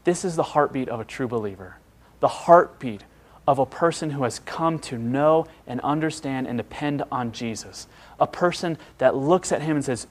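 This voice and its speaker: A man preaching a sermon, earnest and emphatic, with dramatic pauses and hushed drops. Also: mid-range voice.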